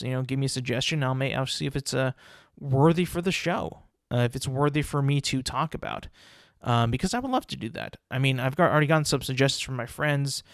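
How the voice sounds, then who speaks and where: A man's voice: mid-range voice, no echo, clean studio sound. A young man hosting a solo podcast, ranting casually with lots of swearing, fillers and restarts. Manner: rambling, profane, many fillers and restarts. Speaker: podcast host.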